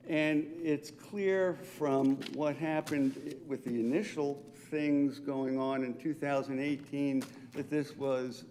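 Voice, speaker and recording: A man's voice: mid-range voice, dark tone. A man giving an indignant, sarcastic public comment at a city council meeting, mocking officials' excuses. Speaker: resident speaking at public comment. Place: council chamber. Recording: meeting hall mic with long reverb and faint noise.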